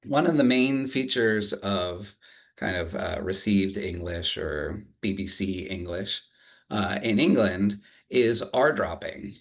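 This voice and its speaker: A university lecturer with a somewhat low voice gives an academic lecture in a relaxed, good-humored way, thinking aloud with frequent pauses and restarted phrases.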